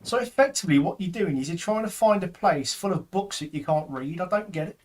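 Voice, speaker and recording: A man's voice: high voice, lively intonation, brisk, a little mellow. A man, chatting and joking casually while streaming a game, a father teasing his daughter. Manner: jokey, teasing, rambling. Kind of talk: casual gaming stream chat.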